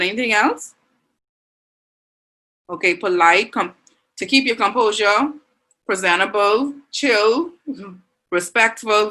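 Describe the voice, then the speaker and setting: A woman teacher with a Bahamian accent, leading an online class and warmly reading out and praising students' answers. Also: mid-range voice, poor audio. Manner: encouraging, reads students' answers aloud with frequent praise.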